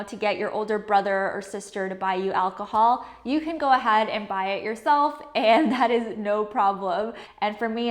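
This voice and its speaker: A woman from Canada, talking casually to camera in a chatty, filler-heavy way. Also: medium pitch. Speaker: vlogger.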